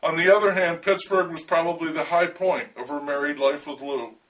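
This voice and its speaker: A man reads a first-person story aloud with dry, wry humor. His voice sits a little high for a man. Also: steady tone, brisk, a bit bright, recorded from a distance, rough recording.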